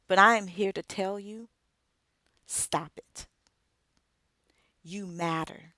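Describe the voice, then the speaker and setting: A middle-aged woman delivers an inspirational speech, her voice sitting a little low. She takes her time, leaning on each phrase with emphatic, measured pauses. The sound is close and dry, with no room around it. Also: fairly even intonation, bright, forceful tone, dry recording. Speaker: author and radio co-host.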